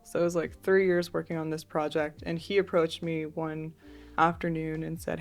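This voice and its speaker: A young woman artist, a podcast guest, telling stories in a chatty, relaxed way with many fillers. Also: deep voice, normal speed, soft background music. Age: young adult. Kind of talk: casual interview storytelling.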